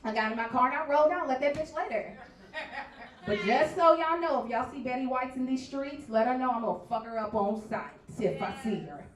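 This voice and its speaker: Loud brash lady comic telling stories on stage, echoey bar sound, kinda far from the mic. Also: fairly high pitch, fast, hardly any pauses. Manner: brash, loud storytelling with big swings in volume. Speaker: stand-up comedian. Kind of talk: stand-up set. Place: bar comedy stage before a live crowd. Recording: echoey bar room recorded from afar.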